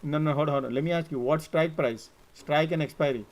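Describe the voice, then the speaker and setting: Animated man hosting a market live stream. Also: fairly high pitch, quick pace, rough recording. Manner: animated, repeats words, frequent "right?" and "guys". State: coughing, choked up at times. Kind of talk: casual live-stream talk.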